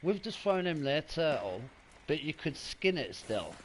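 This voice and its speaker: A man's voice: fairly high pitch, sing-song, unhurried. Rambling young man streaming a game. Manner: rambling, chatty, laughs and swears freely. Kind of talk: casual live-stream commentary. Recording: noisy gameplay audio behind.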